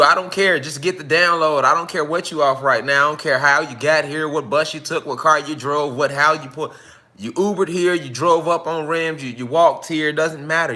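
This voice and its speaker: A man hosting a casual livestream as a spiritual teacher, talking in a loose, slangy, profane and repetitive way. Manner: animated, jumps into high-pitched voices when quoting fans.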